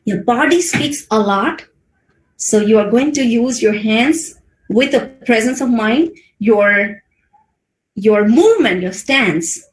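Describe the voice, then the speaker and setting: An Indian woman with a high voice teaches public speaking in a webinar, heard through a video call mic in a roomy, echoey space. She talks expressively and swings her pitch up and down to show how a voice can carry feeling. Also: expressive, slow pace. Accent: Indian English.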